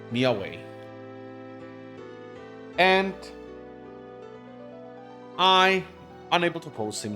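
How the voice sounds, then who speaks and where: A man's voice: on the high side, pushed and bright. Guy reading a visual novel on stream, super emotional, voice swings all over. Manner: emotional, intense, with occasional slips. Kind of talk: live-streamed dramatic reading. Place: home streaming setup.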